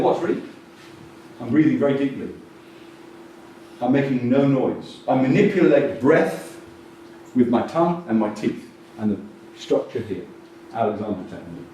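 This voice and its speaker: A man giving a lively, jokey, blunt conference talk on communication, bursting out loudly now and then. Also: medium pitch. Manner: animated, jokey and blunt, with sudden loud bursts. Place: large conference hall. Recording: distant echoey hall recording with faint noise.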